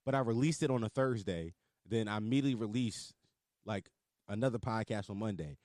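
A man hosting a casual solo podcast, telling stories in a slangy, swearing, animated way and acting out his own hype lines. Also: fairly low pitch, a little fast, dry recording, clean studio sound. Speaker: podcast host. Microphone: podcast microphone.

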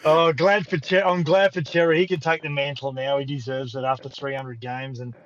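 A man's voice: medium pitch, steady tone, brisk, dry recording, lo-fi sound. A man with an Australian accent chatting casually as a radio guest, rambling and restarting his thoughts. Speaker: guest sports commentator.

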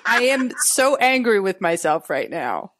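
A woman's voice: medium pitch, sing-song, very noisy. A woman guesting on a podcast, chatting casually and laughing between remarks. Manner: unhurried, laughing. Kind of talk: casual chat.

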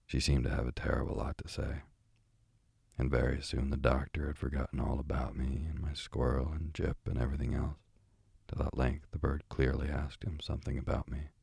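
Audiobook narrator, male; husky, dark and very low, steady storytelling. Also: a little fast, no room sound. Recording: dry, close recording.

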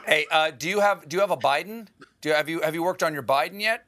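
A man hosting a talk show, chatting casually with wry, deadpan teasing. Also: on the high side, fast talker.

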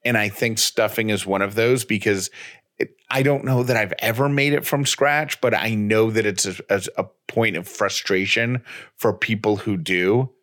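A man's voice: on the low side, moderate pace, fairly bright tone. A man co-hosting a podcast, telling a story casually in a rambling way. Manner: rambling storyteller, frequent fillers and restarts. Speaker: podcast co-host. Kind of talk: casual chat.

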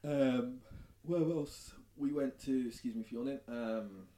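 A man co-hosting a podcast, chatting in a relaxed, agreeable way. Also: mid-range voice, measured pace. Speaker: podcast co-host. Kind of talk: casual chat.

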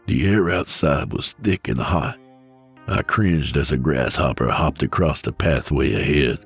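A man narrating a first-person horror story in a calm, measured way. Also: rumbling low, slightly rough. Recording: soft music under voice.

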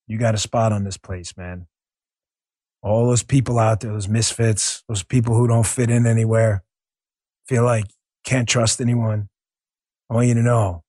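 A man's voice: fairly low pitch, darkish tone, dry recording, studio quality. A man hosting a political talk show, speaking bluntly and earnestly and swearing freely. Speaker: podcast host.

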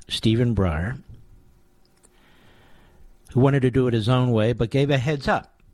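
A male talk radio host delivers an opinionated monologue with combative, sarcastic emphasis. His voice sits in a middle pitch. The studio sound is dry and close. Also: a little mellow, no room sound. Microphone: studio microphone.

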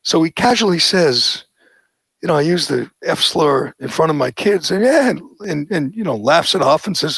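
A male podcast host rants about the news in a lively, opinionated way. His voice is slightly high with a gravelly edge, recorded dry and close. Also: moderate pace, no echo. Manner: animated, mocking quoted voices. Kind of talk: opinionated political commentary chat.

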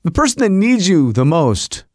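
A man's voice: sits high, moderate pace, no echo, studio quality. A middle-aged man hosting a podcast, telling a rambling comic story and putting on voices. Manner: rambling, animated, puts on voices. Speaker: podcast host.

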